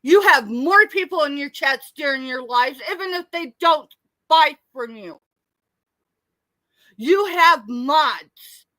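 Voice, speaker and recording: A woman's voice: high voice, animated, takes it slowly, pauses often, fairly bright tone, no room sound. A middle-aged woman, ranting angrily and tearfully on a late-night live stream. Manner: angry, tearful, confrontational.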